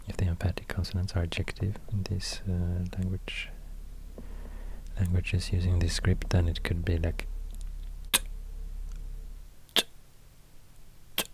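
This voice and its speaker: A man with a Swedish accent rambling quietly in soft-spoken ASMR, half-whispering and pausing often. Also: deep voice, slight background noise. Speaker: ASMR creator.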